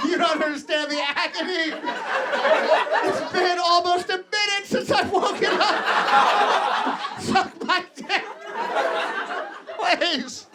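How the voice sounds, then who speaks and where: A man voicing a desperately horny male rooster that shouts crude, outraged pleas, recorded live with loud audience laughter. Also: very high-pitched, far from the mic, heavy background noise, voice pushed up.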